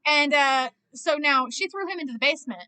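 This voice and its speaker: A young woman giving casual, chatty movie reaction commentary, quick to gasp and groan. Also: high-pitched, bright, forceful tone.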